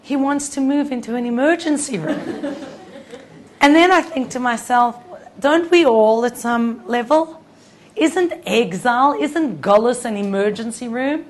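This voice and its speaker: A woman's voice: on the high side, a little slow, slight background noise. A woman teaching Torah to a group, telling a personal story in a conversational way with frequent restarts.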